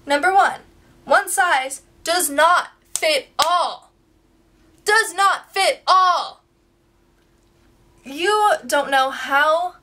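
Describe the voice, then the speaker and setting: A woman's voice: high-pitched, sharp tone, distant mic. A young woman vlogger ranting in a chatty, frustrated way to her viewers. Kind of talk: casual vlog rant.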